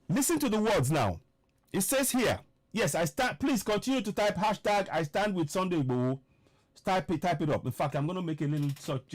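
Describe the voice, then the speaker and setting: Male broadcaster, impassioned, emphatic repeater, high animated voice. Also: no room sound. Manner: preaching, repetitive and emphatic, slows for stress; greets viewers by name mid-speech. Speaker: online radio broadcaster. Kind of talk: impassioned political livestream address.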